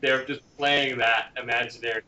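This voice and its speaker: A man answers interview questions about parenting and tells stories, slipping into playful acted voices for children and parents. His pitch is average. The sound is dull and lo-fi, in a roomy, echoey space. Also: moderate pace. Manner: animated storyteller who acts out children's lines. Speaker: parenting author and guest.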